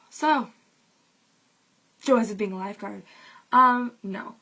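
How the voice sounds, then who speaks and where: A woman's voice: medium pitch, takes it slowly, sharp tone, slightly rough, low-quality recording. A young woman vlogging, talking heatedly and casually with lots of "like" and swearing. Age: young adult. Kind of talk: casual vlog rant.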